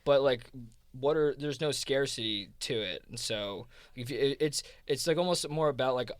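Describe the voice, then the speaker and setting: A man's voice: medium pitch, normal speed, dry recording. A man with a South Jersey accent, a guest on a podcast interview, explaining his ideas in a rambling casual way, full of "like" and restarts. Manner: rambling, heavy on "like", frequent restarts. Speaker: guest, crypto fund co-founder.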